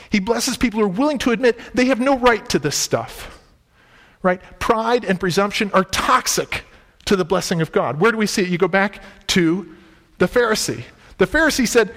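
A male preacher with a fairly high voice, delivering a sermon in a relaxed, conversational way. He leans hard on key words and retells scripture in plain modern speech. The sound carries a long reverb, like a large church hall. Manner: conversational, emphatic, paraphrasing scripture in everyday speech.

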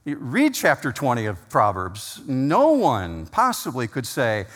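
A man preaching a sermon as pastor, emphatic, slowing down and rising in pitch on key words. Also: wildly swooping pitch, fairly bright tone. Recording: long reverb of a large hall.

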